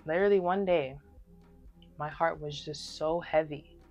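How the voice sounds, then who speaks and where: A woman's voice: sits low, steady tone, measured pace, a little mellow, soft background music. A woman in her early twenties sharing a personal faith testimony in casual, emphatic talk straight to her viewers, full of fillers. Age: early 20s.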